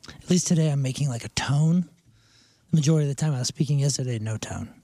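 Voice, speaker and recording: A hoarse man on a radio morning show, losing his voice, rambling through a story and laughing often. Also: mid-range voice, fast, dark tone, no echo. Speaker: radio co-host. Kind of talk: casual chat.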